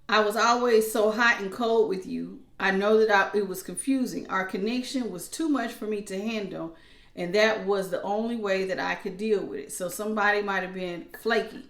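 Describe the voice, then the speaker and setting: Woman, tarot reader, casual, animated asides, mid-pitched, roomy echo. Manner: chatty, animated storytelling with acted-out asides. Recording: echoey room.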